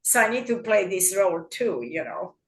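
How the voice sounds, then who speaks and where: A woman's voice: mid-range voice, animated, moderate pace. Woman hosting an online session. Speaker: host and event organizer.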